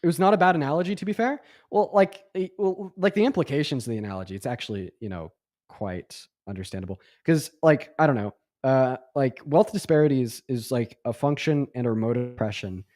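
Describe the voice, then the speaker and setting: A man's voice: medium pitch, fairly quick, a little mellow, no echo, studio quality. A young adult man hosting a livestream debate, casual and rambling with lots of fillers, often sarcastic.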